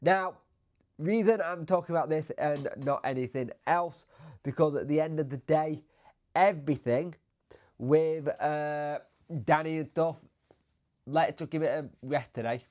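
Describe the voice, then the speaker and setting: A man's voice: fairly high pitch, a little slow. Congested man, bunged-up nose. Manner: chatty and rambling, trailing off and dropping quieter as he goes. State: feeling unwell, tired. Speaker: football fan channel host. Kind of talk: casual solo video commentary.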